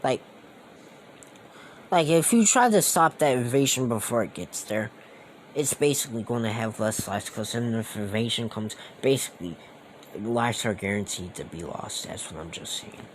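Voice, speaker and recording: A man's voice: medium pitch, lively intonation, moderate pace, a little hiss or hum. A young man casually retelling a fan story, rambling with lots of fillers.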